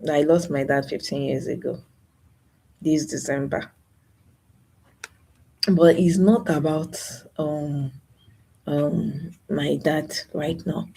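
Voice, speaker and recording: A woman's voice: sits low, fairly even intonation, slow pace, pauses often, mellow, breathy edge. A young woman hosting a live stream, talking about loss in a grieving way, sighing and repeating herself. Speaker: channel host. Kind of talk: emotional live stream talk.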